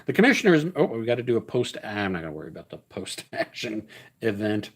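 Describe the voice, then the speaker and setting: A man's voice: lowish voice, big pitch swings, fast talker. A man hosting a solo tabletop wrestling game, commenting in a jokey ring-announcer style and often chuckling and correcting himself.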